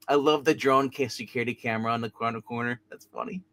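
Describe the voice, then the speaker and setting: A man hosting a live comic reading, playful and quick to laugh. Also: medium pitch, fairly bright tone, dry recording. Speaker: comic reader and channel host.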